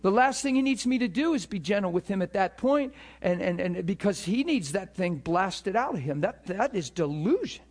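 Emphatic high-voiced male preacher. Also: normal speed, few pauses. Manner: animated, emphatic, acts out dialogue with rising pitch. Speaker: preacher teaching a ministry school. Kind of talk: sermon storytelling.

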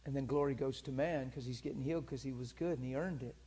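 Husky man preaching with laughing stories. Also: mid-range voice, fast. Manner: lively, teasing, laughs often, swings from quiet to loud. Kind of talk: sermon storytelling about healings.

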